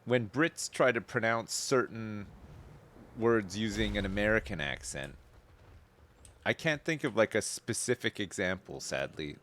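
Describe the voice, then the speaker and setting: A man's voice: fairly low pitch, lively intonation, unhurried, fairly bright tone, slight background noise. A Canadian man chatting casually on a live gaming stream, rambling and laid-back, swearing freely and chuckling often.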